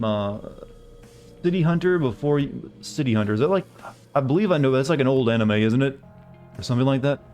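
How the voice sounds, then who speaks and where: A man's voice: mid-range voice, darkish tone. Chatty male game streamer, faint music. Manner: rambling, chatty, greets viewers by name. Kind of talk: casual chat with live viewers.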